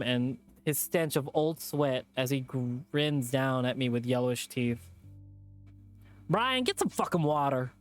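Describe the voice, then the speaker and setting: A man's voice: mid-range voice, clean tone. A man streamer reading a visual novel aloud as narration, with plain delivery and the odd off-script aside.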